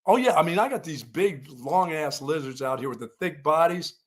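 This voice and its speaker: A man's voice: fairly high pitch, expressive, moderate pace, slightly rough. A man co-hosting a sports radio show, telling joking stories in casual chat. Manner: joking storyteller, laughs at himself.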